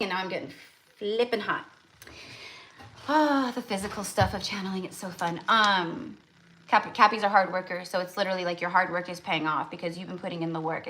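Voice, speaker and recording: A woman talks viewers through a tarot card pull in a loose, rambling way. Her voice is bright and forward, and she keeps starting over and scattering "like" through every sentence. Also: lowish voice, normal speed, poor audio. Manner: rambling, full of "like" and restarts. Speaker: tarot reader. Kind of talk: casual tarot reading for viewers.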